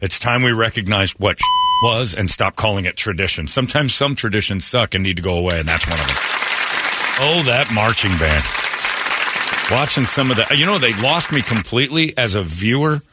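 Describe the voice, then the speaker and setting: A man's voice: on the low side, expressive, moderate pace, a loud crowd, very noisy. A man hosting a morning radio show, ranting with sarcastic, opinionated jabs. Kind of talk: casual morning radio rant.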